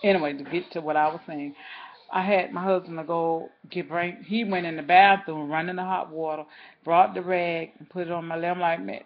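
A woman's voice: lowish voice, dull audio. A woman vlogger telling a rambling story in a casual, chatty way, talking straight to her viewers.

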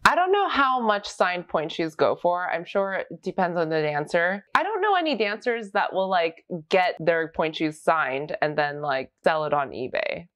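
Amused, chatty woman with a lively voice. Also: lowish voice, normal speed, few pauses. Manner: chatty and amused, many fillers of "like". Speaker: pointe shoe fitter. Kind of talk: casual reaction commentary.

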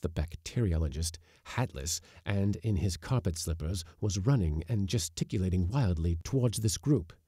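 A man reading a classic short story aloud with expressive, dramatic delivery. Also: low-pitched, normal speed, hardly any pauses, breathy edge, dry recording, clean studio sound.

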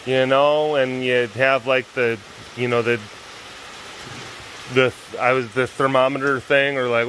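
A man's voice: medium pitch, level tone, a little slow, pauses often, a bit bright, a little hiss or hum, rough recording. A man vlogging casually outdoors at a wild animal facility, rambling playfully with lots of fillers. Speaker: big cat keeper and vlogger. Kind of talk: casual vlog talk.

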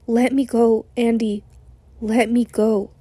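A cornered young man pleads and lashes out in a hoarse, darkish voice, as a woman reader puts him on. The sound is close and dry, like a storybook read into a bedroom mic. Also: a little high, flat delivery, slow, no room sound. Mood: shouting defiance. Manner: pleading, breaks into shouting.

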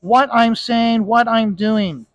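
A man's voice: extremely high pitch, fairly even intonation, slow pace, no echo. A man ranting in a casual vlog recorded in a bar, stressing his points with "okay?" again and again. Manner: ranting, emphatic, repeats "okay?". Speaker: comic book inker and video host.

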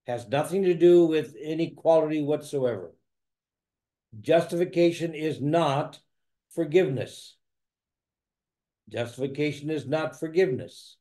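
A man's voice: a little high, mellow. A man teaching a Bible study, who explains word meanings step by step and repeats key phrases for emphasis.

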